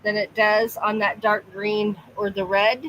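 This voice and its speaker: A woman's voice: medium pitch, level tone, measured pace, fairly bright tone, a little hiss or hum, rough recording. A woman hosting a casual livestream from home, chatting to her pets and reading out viewer comments. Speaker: livestream host.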